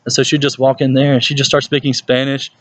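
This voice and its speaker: A young man, a youth pastor telling stories in a casual, animated way and often laughing. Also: medium pitch, quick pace, dry recording. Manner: animated storytelling, laughs often, puts on voices for people he quotes. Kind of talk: casual talk to a youth group.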